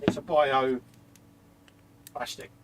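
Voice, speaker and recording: A man's voice: mid-range voice, fairly even intonation. Easygoing British man, faint background noise. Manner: easygoing, self-mocking, quick to agree. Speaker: co-host of a live model-making stream. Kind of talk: casual chat while working on models.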